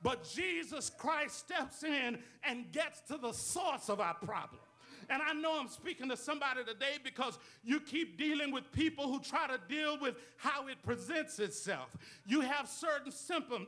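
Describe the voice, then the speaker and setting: A male pastor preaching in a call-and-response style, dropping amens and putting rhetorical questions to the congregation. His voice is strikingly high and bright, with a forceful ring. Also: lively intonation, moderate pace. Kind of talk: sermon.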